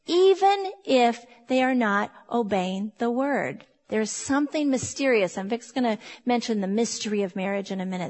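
A woman in her fifties gives an emphatic, conversational Bible teaching. Her voice sits a little high, and she keeps turning to her listeners with questions. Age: 50s. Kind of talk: sermon teaching.

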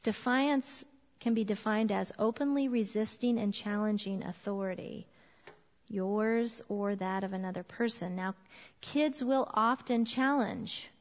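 A woman's voice: mid-range voice, a little slow. Earnest woman teaching in a reverberant hall. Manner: conversational, earnest, emphatic repetitions. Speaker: parenting class speaker. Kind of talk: informal teaching talk to a group.

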